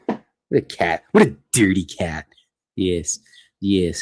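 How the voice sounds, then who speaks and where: The host of a casual livestream draws in his home art studio while chatting and rambling, often stopping himself partway through sentences. His voice sits low with a darkish tone, and he talks a little slowly.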